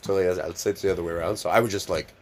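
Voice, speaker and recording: Profane animated male storyteller. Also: low-pitched, very fast, a little hiss or hum. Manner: animated storyteller, swears a lot, acts out scenes loudly. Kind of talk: casual chat, storytelling.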